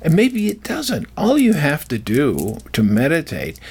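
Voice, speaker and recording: A man's voice: on the high side, huge pitch swings, unhurried, creaky, darkish tone, breathy edge. An older man talking casually and wandering off track, often restarting his sentences as he tells a personal story and gives advice. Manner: digressive, self-interrupting storyteller. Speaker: speaker giving life advice. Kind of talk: casual rambling monologue.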